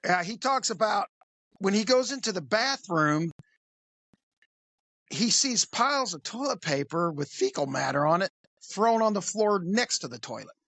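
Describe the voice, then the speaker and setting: A podcast co-host spins a comic anecdote in a loose, rambling way, acting out what people said. The voice has a gravelly fry. The sound is dry and close. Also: mid-range voice, expressive, moderate pace, fairly bright tone, no echo. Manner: rambling, jokey, acts out quotes. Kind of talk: casual comedic storytelling.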